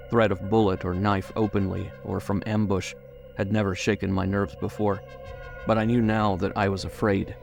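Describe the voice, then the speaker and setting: A man narrating a horror audiobook in a measured, suspenseful way. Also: deep voice, gravelly.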